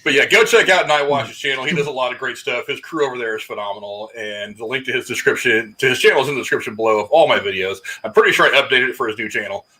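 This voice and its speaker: A man hosting a casual live-stream chat, energetic and rambling, laughing at his own slip-ups. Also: medium pitch, fast, few pauses, rough recording. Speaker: podcast host.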